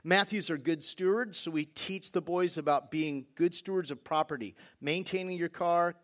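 A middle-aged father with a somewhat high voice talks casually about his family's rules. He is wry and easygoing, and his talk is loose and full of small fillers. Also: moderate pace. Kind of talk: personal talk on parenting.

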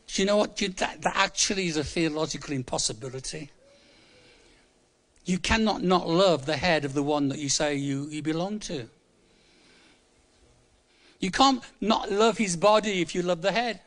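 Man, 75, preacher, high voice, conversational sermon, humorous asides. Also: normal speed, long pauses, fairly bright tone. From England. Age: 70s. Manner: humorous, conversational, repeats words for emphasis. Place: church.

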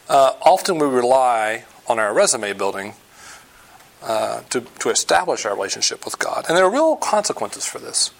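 A man's voice: mid-range voice, fairly bright tone. Man preaching a conversational sermon. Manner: conversational preaching with frequent fillers; emphatic, explaining scripture. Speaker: pastor.

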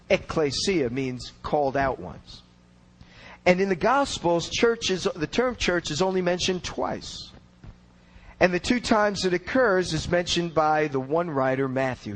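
A man with a voice pitched a bit above the usual male range teaches scripture verse by verse. He speaks earnestly and explains as he goes, pressing hard on the words he wants to stress. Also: poor audio. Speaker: Bible teacher. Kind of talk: expository Bible teaching.

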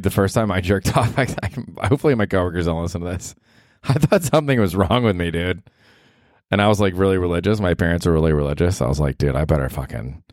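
A man's voice: low-pitched, no echo, studio quality. A young man hosting a casual solo podcast from his small apartment, rambling and cursing and laughing at himself often. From United States. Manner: rambling, profane, self-deprecating, laughs often. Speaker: podcast host.

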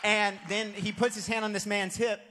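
A young pastor tells funny stories from the pulpit, then builds up to shouted calls to his listeners. His voice sits high and bright. It rings with the long echo of a big church hall. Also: moderate pace, slight background noise. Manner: animated, jokey, builds to shouted exhortation. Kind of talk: sermon with storytelling. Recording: long reverb of a large hall.

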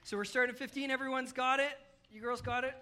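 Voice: sits high, steady tone, quick pace, bright, forceful tone. A children's pastor giving a playful, upbeat children's sermon at a church service, coaxing the kids along while also addressing the adults.

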